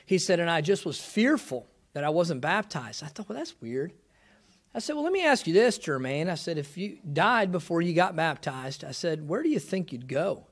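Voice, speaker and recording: Male pastor, high-pitched, folksy testimony style, punctuated with praise. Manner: folksy, quick, exclaims praise often. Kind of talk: missions conference testimony.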